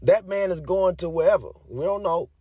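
A man's voice: high-pitched, fairly quick, darkish tone, slightly rough, dry recording, studio quality. A young man ranting heatedly to his viewers, cursing heavily and repeating himself as he gets worked up. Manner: heavy cursing, fired up, repetitive. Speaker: commentator. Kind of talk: heated casual rant to viewers.

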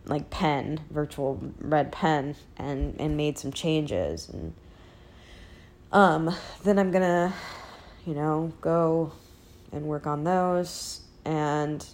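A woman in her twenties talking casually and candidly on her own, rambling and self-deprecating with lots of fillers and swearing, recorded in her apartment. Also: deep voice. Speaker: podcast host. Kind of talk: casual solo chat. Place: old apartment, indoors.

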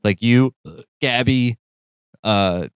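Laid-back, smooth-voiced male co-host. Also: mid-range voice, drawn-out words, no echo. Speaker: podcast co-host. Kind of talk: casual podcast chat.

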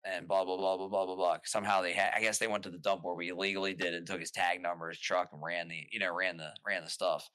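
Forceful, rambling male podcast guest. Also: deep voice, fast talker, hardly any pauses, smooth, no room sound. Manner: rambling, animated, restarts often while retelling quotes. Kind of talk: casual storytelling chat.

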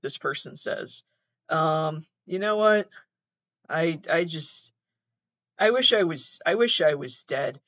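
Give me a high-pitched man in casual reaction commentary, cursing and restarting, recorded dull and dry. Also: animated, slow pace, sharp tone, dry recording. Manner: rambling, sweary, exasperated, many restarts. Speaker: podcast host. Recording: dull, muffled, dry sound.

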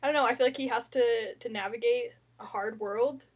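Giggly, breathy-voiced woman host. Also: on the high side, a little fast. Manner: giggly, excitable. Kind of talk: casual chat.

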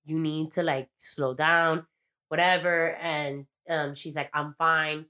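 Deep-ish woman rambling thru a tv recap, swears a lot, acts out lines. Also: fairly even intonation, slow, sharp tone. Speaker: podcast co-host. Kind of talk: casual chat recapping a TV episode.

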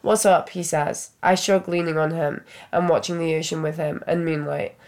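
Low-voiced woman reading fanfiction aloud. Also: fairly even intonation, normal speed, a little mellow. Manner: reads aloud with giggles and asides. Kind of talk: casual chat, reading a story aloud.

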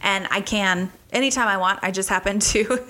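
Bright-voiced earnest American woman teaching faith. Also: medium pitch, moderate pace. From United States. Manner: earnest, emphatic, repeats phrases for effect. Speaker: Christian teacher.

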